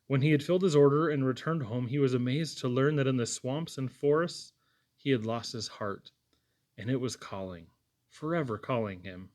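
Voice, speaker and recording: Man, audiobook narrator, measured expressive reading, classic novel, mid-pitched voice. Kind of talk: scripted narration.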